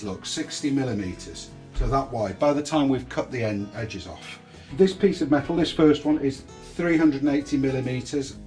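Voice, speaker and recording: A man, a vlog host patiently walking his son through a hands-on boat repair, one step at a time. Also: fairly high pitch. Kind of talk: hands-on DIY explanation. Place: outdoors at a boatyard in light rain.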